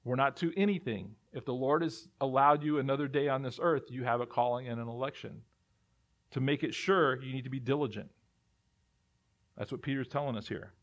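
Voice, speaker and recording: A man's voice: medium pitch, fairly quick, highs cut off. A male pastor preaching a sermon, emphatic and repeating phrases as he builds his points.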